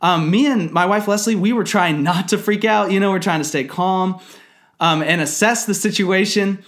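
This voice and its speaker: A man's voice: sits high, normal speed, fairly bright tone. A man in his thirties giving an earnest, conversational sermon testimony about his family, with frequent fillers. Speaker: ministry leader.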